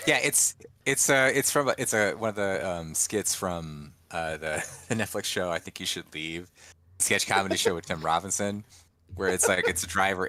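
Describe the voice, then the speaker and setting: Bright-voiced man rambling on a podcast. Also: sits low, no room sound. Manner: rambling, full of "like" and restarts. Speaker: podcast co-host. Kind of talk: casual wrestling chat.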